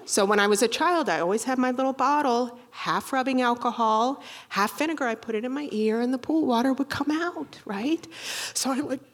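Brash, high-voiced woman. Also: normal speed. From Boston. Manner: brash, profane, animated. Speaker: stand-up comedian. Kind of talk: stand-up storytelling.

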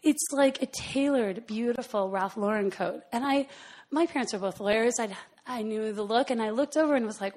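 A woman telling a personal story in an animated way, often laughing between phrases. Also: fairly high pitch, moderate pace. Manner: animated, laughs often, lots of fillers and asides.

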